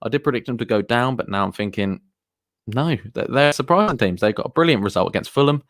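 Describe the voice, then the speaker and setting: A man hosting a casual football live stream, rambling from one thought to the next as he answers viewers. His voice sits at an ordinary middle pitch and sounds dry and close, with no room echo. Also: animated, fast, a bit bright. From England. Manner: rambling, chatty, reads out viewer comments.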